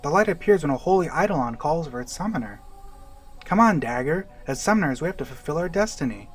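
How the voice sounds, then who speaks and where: Man doing a little girl summoner, high cracking voice, eager, bossy, faint music behind. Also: lively intonation, fast, slightly rough. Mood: instructing. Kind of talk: dramatic reading of game dialogue.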